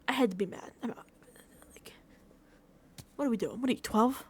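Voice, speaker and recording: A young woman recapping a reality show in a casual, animated rant, using a lot of filler and often laughing at her own exasperation. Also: fairly high pitch, normal speed, long pauses, slightly rough. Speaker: vlogger reacting to a reality show.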